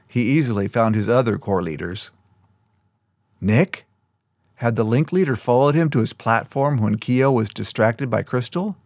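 An audiobook narrator, a man with a lowish voice, reads scripted fiction aloud in a measured, even way. The recording is clean studio sound with no echo.

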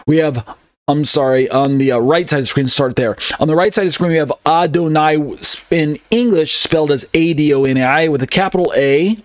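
Man teaching a slow Bible study. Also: fairly high pitch, dry recording. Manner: deliberate, spells out and slowly sounds out Greek and Hebrew words; thinks aloud, with frequent self-corrections and fillers. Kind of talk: online Bible study lecture over on-screen slides.

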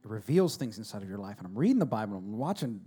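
A middle-aged man preaching a sermon as a pastor, telling stories with humor and swinging between loud and hushed delivery. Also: lowish voice, sing-song, fast, slightly rough.

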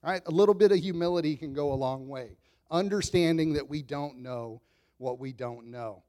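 A man in his thirties preaching a sermon in a relaxed, conversational storytelling way, self-deprecating and chuckling often. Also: fairly high pitch, moderate pace. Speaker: pastor.

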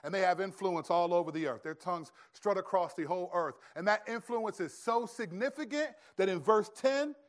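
A pastor preaching a sermon in an animated, conversational storytelling way. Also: male voice, high-pitched, moderate pace, hardly any pauses.

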